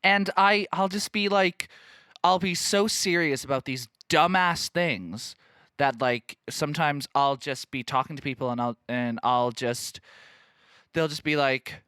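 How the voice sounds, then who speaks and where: A man hosting a podcast in casual chat, talking in a campy, animated way and laughing often. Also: on the high side, unhurried, clean tone, no room sound, studio quality. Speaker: podcast host.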